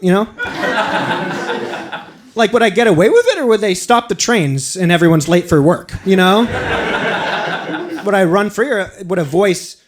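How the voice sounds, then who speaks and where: A man's voice: high voice, animated, moderate pace, long pauses, background noise. A man doing a rambling, self-deprecating stand-up set in a small apartment, acting out little voices. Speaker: stand-up comedian. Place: small apartment with a live audience. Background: audience laughter.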